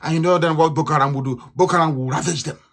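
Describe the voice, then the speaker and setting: A man with a Nigerian English accent giving a fiery, scornful political radio address. He swings from shouting to low muttering. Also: steady tone, rapid-fire. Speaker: radio broadcaster.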